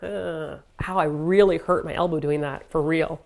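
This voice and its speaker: A woman's voice: deep voice, steady tone, normal speed, few pauses, a little mellow. A woman in her thirties talking candidly in a personal vlog, open and self-deprecating with small jokes. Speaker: vlogger.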